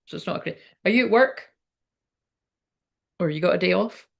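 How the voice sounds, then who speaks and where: A woman's voice: fairly low pitch, moderate pace, vocal fry. A woman working as a psychic medium, giving a live-streamed spiritual reading in a chatty, rambling, sweary way while hiccuping now and then.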